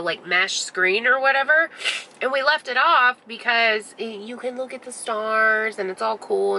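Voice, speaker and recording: A young woman vlogger chatting through a long story in a bright, sharp voice with a gravelly edge. She rambles and swears casually, leaning on "like" in nearly every line. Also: on the high side, a little hiss or hum, poor audio. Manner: chatty, profane, full of "like" fillers. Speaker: beauty vlogger.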